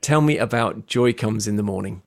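A man's voice: lowish voice, normal speed, gravelly. British male radio host, easygoing banter, lots of fillers. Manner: chatty, joking, with frequent fillers. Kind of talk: radio interview.

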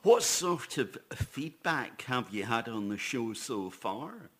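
A man's voice: mid-range voice, very animated, takes it slowly. A man interviewing a guest with brief, plain questions.

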